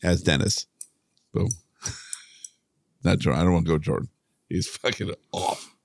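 Low gravelly-voiced man joking around. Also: steady tone, unhurried, darkish tone, dry recording, clean studio sound. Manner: joking, rambling, self-interrupting. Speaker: podcast co-host. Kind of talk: casual podcast banter.

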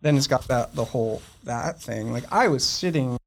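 Creaky and mid-range, this man's voice has lively intonation at a moderate pace. As a surfer-filmmaker guesting on a casual podcast, he rambles, gropes for words, and leans on many fillers and restarts.

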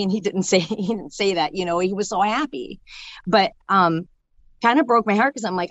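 A young woman telling an emotional personal story in a halting way, full of fillers and restarts. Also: mid-range voice, a bit bright. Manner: halting, filler-heavy talk with many restarts. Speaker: storyteller sharing a personal loss.

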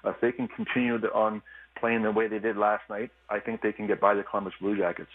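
A former hockey player calling in as a radio guest, telling stories in a relaxed, easygoing way with lots of fillers. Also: male voice, fairly low pitch, quick pace. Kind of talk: casual phone interview. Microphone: phone line. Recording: tinny phone line.

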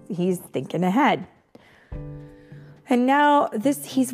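A woman's voice: on the low side, a little mellow. A woman reading a fairy tale aloud to a child with playful, chatty asides to the listener. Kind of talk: playful read-aloud storytelling.

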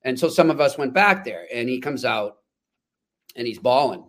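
A man co-hosting a sports podcast, telling stories in an animated, emphatic way. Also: mid-range voice, moderate pace. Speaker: podcast co-host. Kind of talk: casual sports chat.

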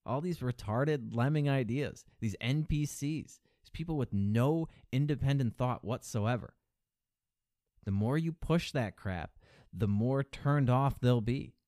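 Unhurried and warm-toned, a male podcast host mocks his opponents throughout a sneering, profane political rant, switching to a higher voice to mimic them. The studio-quality recording has no echo.

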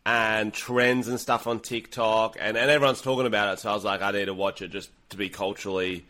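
An Australian man co-hosting a casual podcast, laughing, swearing freely and putting on quick voices. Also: fairly low pitch, fairly even intonation, bright, forceful tone. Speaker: podcast co-host.

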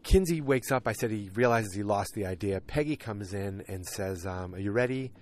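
A man's voice: lowish voice, animated, moderate pace, darkish tone. A man hosting a podcast, rambling casually with lots of fillers and restarts. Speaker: podcast host recapping a TV show. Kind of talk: casual chat.

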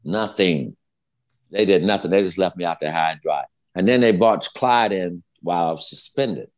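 Man, 50s, low voice, profane, heated, rambling storyteller, interview guest. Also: normal speed. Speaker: guest, former basketball player.

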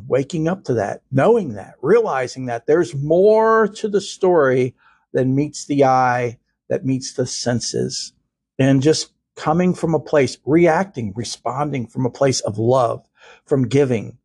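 A man's voice: on the high side, darkish tone, breathy edge, no echo. A man hosting a spiritual podcast, talking in an earnest, preaching way with repeated phrases. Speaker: podcast host.

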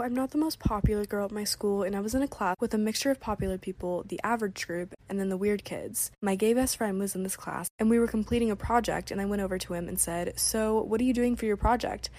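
A woman's voice: mid-range voice, quick pace, darkish tone. A young woman vlogging in a casual, chatty way, reading out viewers' embarrassing stories and reacting with frequent "like"s and giggles. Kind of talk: casual chat.

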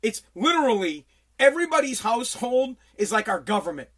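A man's voice: very high-pitched, very animated, fairly quick, fairly bright tone. A man hosting a solo podcast, ranting in an angry, profane way with lots of stumbling restarts. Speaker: podcast host.

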